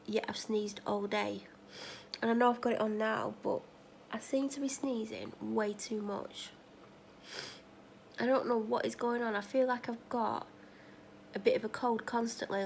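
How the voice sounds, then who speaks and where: A woman's voice: fairly high pitch, gravelly, a little hiss or hum. A woman chatting casually in a vlog, rambling through run-on asides and retelling conversations. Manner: retells conversations, acting out both sides. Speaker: vlogger.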